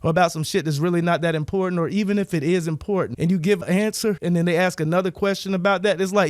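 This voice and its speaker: A man vlogger in a casual, emphatic rant that is full of profanity and loose asides. His voice sits fairly high for a man. The recording is dry and close, with little room sound. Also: steady tone, fast, hardly any pauses, a little mellow, dry recording. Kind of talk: casual ranting monologue.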